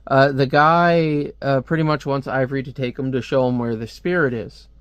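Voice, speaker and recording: A man's voice: mid-range voice, steady tone, normal speed, clean tone, no room sound, muffled recording. A man casually reviewing a comic book on video, rambling with lots of filler words and restarts, close to the mic at home.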